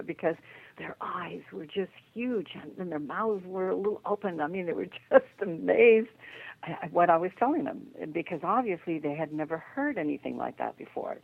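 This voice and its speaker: An older woman tells her stories with animated energy and slips into the voices of the people she describes. Her voice has a gravelly edge and comes through a thin, tinny phone line, as if calling in. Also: on the low side. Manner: lively storyteller who acts out the voices in her anecdotes. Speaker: guest, psychic detective. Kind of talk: animated storytelling in a phone interview. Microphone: telephone.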